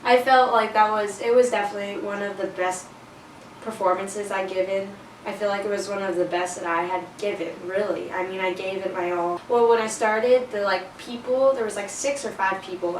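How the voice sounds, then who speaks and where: A teenage girl rambles through a casual storytime vlog, full of "like" and quick self-conscious laughs. Her voice sits in the middle of the range and sounds a little distant, in a room with noticeable echo. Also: medium pitch. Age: teens. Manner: chatty, lots of fillers, laughs at herself. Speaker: vlogger. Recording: roomy, a bit distant, faint noise.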